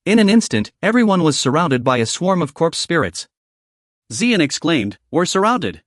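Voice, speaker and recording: A man's voice: a little high, sing-song, moderate pace, no room sound, clean studio sound. A man narrating a story recap in a scripted, dramatic storytelling voice.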